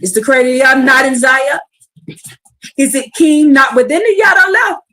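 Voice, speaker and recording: A woman with a high, bright-pitched voice reads scripture on a livestream. She breaks into blunt, fiery, profane commentary and presses her listeners with pleading rhetorical questions. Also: normal speed. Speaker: scripture teacher. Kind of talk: livestreamed Bible reading with commentary.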